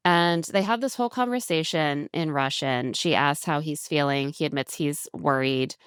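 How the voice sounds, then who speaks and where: A woman co-hosts a podcast, animatedly recapping a reality show in chatty conversation, often acting out what people said with quoted voices and laughs. Her low-pitched voice has a clean tone at normal speed, recorded dry in studio quality.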